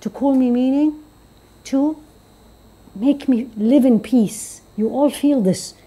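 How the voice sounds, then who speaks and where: Woman, religious teacher; warm, breathy tone, earnest, quizzes the room. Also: takes it slowly. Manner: earnest, questioning the audience, rising to emphatic high points. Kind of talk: religious talk to women. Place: community centre hall.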